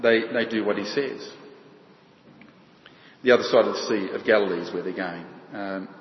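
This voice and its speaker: A man preaching a sermon, halting and often repeating words as he restarts. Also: fairly low pitch. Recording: dull, echoey hall with long reverb.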